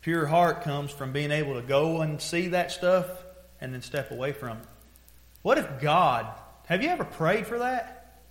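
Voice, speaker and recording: A preacher delivers a sermon in a folksy, storytelling way, dropping low and quiet, then rising to loud exhortation. His voice sits a little high for a man. The room around him rings with echo. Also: lively intonation, measured pace.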